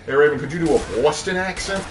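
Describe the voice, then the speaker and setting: A man's voice: a little high, expressive, fast talker. Man, co-streamer, reads chat, dry humor, roomy sound, distant mic. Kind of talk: casual gameplay chat.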